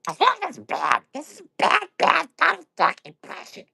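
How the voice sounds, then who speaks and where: A man putting on a squawky, high cartoon duck voice during a casual livestream. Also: wildly swooping pitch, moderate pace, vocal fry, bright, forceful tone, dry recording, clean studio sound, heavily acted. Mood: mock scolding.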